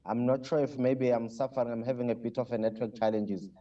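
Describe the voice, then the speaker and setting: A man co-hosting an online show over a weak video call, speaking in halting, apologetic bursts. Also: mid-range voice, little pitch movement, warm tone, distant mic, dull audio. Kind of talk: casual online show chat.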